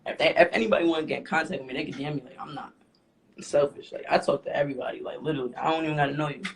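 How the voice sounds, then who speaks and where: A young man, a rapper guest, talking casually and haltingly with lots of fillers. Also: fairly high pitch, creaky. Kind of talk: casual interview talk. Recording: faint background noise.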